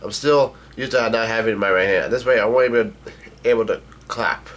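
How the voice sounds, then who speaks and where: A man's voice: fairly low pitch, a little fast, fairly bright tone, lightly acted. A man voicing a big carefree male cat warrior from a manga, read aloud plainly with stumbles. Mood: boastful.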